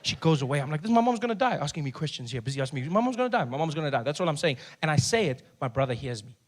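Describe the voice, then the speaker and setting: Fast, animated comedian man. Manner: animated, acts out characters with big pitch jumps and shouting. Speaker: stand-up comedian. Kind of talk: stand-up storytelling.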